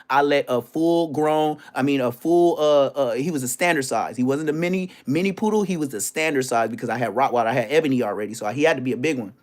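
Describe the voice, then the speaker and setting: A man hosting a livestream, telling stories in a brash, profane way, dropping to hushed asides and then bursting out loudly. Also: fairly high pitch. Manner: brash, profane, swings between hushed asides and loud outbursts; storytelling with boasts and street slang. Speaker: livestream host. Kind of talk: casual profane livestream rant.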